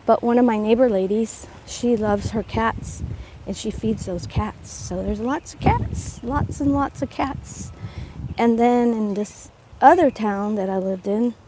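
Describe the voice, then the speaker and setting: A woman's voice: a little high, measured pace. A woman livestreaming while walking her dogs, chatting in a meandering, casual way into a phone held in her hand. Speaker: vlogger livestreaming a dog walk. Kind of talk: rambling casual live chat. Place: outdoors on a rural walk. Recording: phone audio outdoors with loud background noise. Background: loud birdsong and outdoor noise.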